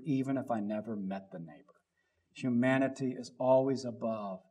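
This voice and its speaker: A man preaching a sermon, telling a story with sudden loud emphasis that drops to quiet, almost muttered endings. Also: on the high side. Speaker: pastor.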